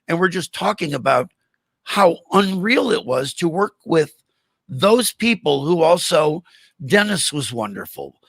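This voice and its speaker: A man's voice: fairly high pitch, big pitch swings, a little slow, creaky, dry recording. An older man hosting a podcast, telling rambling anecdotes full of restarts and acted-out quotes over a video call from a home room. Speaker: podcast host. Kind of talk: casual storytelling chat.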